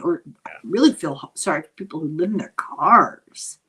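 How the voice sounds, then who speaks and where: A woman's voice: low-pitched, normal speed, slightly rough. Older irish lady, chatty and sympathetic, voice swoops up and down a lot. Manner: animated, sympathetic, trails off while searching her knitting. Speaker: co-host. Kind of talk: casual chat.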